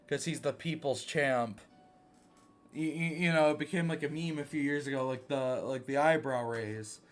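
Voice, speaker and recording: A young man reading fanfiction aloud for laughs, swearing and self-mocking as he comments on it. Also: fairly high pitch. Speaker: reader reacting to fanfiction.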